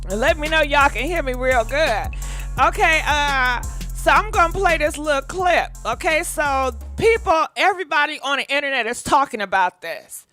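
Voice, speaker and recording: Sassy high-voiced woman gossip host. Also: animated, moderate pace, bright, forceful tone, faint music behind. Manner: sassy, laughing, talks back at celebrities. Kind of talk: casual live gossip commentary.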